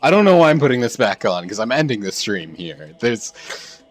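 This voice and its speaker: A man streaming a video game live, thinking aloud, shifting between low mutters and frustrated outbursts. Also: very animated, moderate pace, soft background music. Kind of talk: casual live gameplay commentary.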